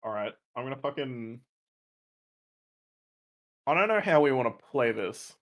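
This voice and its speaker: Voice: medium pitch, lively intonation, a little slow. A player chatting and joking during a tabletop role-playing game. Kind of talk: casual tabletop game chat.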